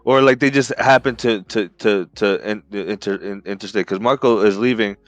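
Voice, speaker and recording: A man's voice: on the low side, normal speed, no room sound, faint music behind. A man co-hosting a podcast in casual chat, talking over the others and restarting his sentences. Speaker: podcast co-host.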